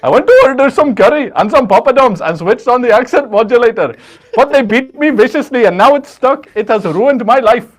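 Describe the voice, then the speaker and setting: A man's voice: very high-pitched, lively intonation, brisk, pitched above the performer's own voice. A man putting on a comic voice for a mock customer complaint, woeful and melodramatic.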